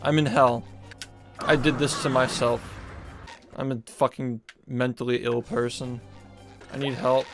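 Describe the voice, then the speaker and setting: A young man streaming a speedrun, ranting angrily at himself with heavy swearing and sudden shouts. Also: mid-range voice, little pitch movement, measured pace, long pauses, soft background music. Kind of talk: angry self-deprecating gaming rant.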